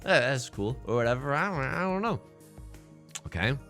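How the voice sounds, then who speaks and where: A man's voice: medium pitch, very animated, moderate pace, a bit bright, faint music behind. A young man hosting a let's play, giving casual, jokey commentary on his game and talking to the opponents on screen.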